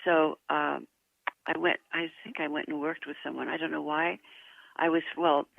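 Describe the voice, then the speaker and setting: An older woman, a guest actress, telling lively anecdotes in an interview, laughing often and poking fun at herself. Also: deep voice, moderate pace, gravelly, no echo. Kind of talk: interview storytelling. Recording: tinny phone line.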